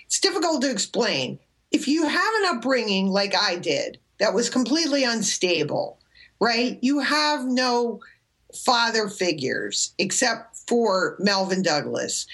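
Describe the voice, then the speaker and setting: A middle-aged woman sitting as an interview guest and spinning anecdotes. She talks in an animated, chatty way and acts out the people she describes. Her voice sits a bit on the high side. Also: slightly rough. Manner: animated anecdotal storytelling with impressions. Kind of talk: storytelling chat.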